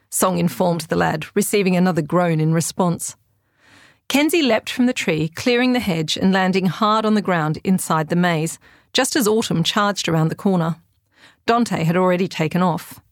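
A woman, the author, narrating her children's adventure book in a clear, steady manner. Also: on the low side, moderate pace, no room sound, studio quality. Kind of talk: audiobook narration.

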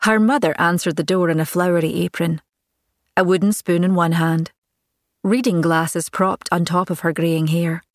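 A woman reading a story aloud in a steady, descriptive narrating manner. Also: fairly low pitch, moderate pace, dry recording, studio quality. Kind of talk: audiobook narration.

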